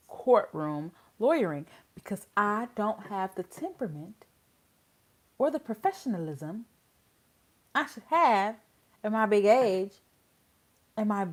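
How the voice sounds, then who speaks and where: A woman hosting a casual legal commentary vlog, talking bluntly and swinging from loud outbursts to quiet asides. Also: medium pitch. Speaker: host of a legal commentary channel.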